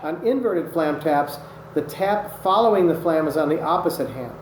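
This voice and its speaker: A man's voice: fairly high pitch, animated, normal speed. Man teaching drum rudiments, echoey room. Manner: patient, methodical, counts strokes aloud. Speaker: drum instructor. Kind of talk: instructional demonstration. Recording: echoey room with loud noise. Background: drumming on a practice surface.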